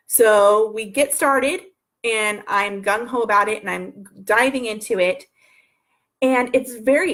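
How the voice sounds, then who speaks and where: A woman's voice: medium pitch, a bit bright. Chatty homeschooling mother in her thirties, personal storytelling, meandering with frequent self-corrections. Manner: rambling with frequent restarts and asides.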